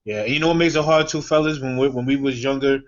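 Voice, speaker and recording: A man's voice: medium pitch, fairly even intonation, quick pace, lo-fi sound. A man co-hosting a podcast, talking about sports in a blunt, reflective way with bursts of joking. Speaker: podcast co-host. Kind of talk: casual sports chat.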